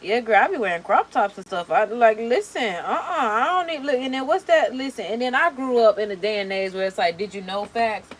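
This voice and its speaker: A young adult woman hosting a reaction video, chatting casually in a sassy, animated way while doing her makeup. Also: on the high side, a little fast, hardly any pauses, low-quality recording. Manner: sassy, animated, slangy and expressive.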